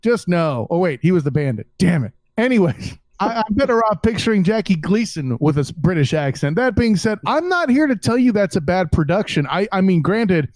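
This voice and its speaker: High-voiced man, rambling banter, dry sound. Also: sing-song, a little fast, a little mellow, no echo. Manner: rambling, blunt, swears. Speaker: podcast co-host. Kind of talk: casual chat.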